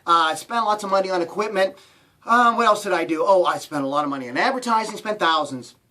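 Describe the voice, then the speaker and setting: A middle-aged man coaches his viewers straight into the camera. His voice leaps and drops all over as he jokes, keeping a playful, animated sales energy. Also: high voice, quick pace. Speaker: online business coach. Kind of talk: direct-to-camera motivational vlog.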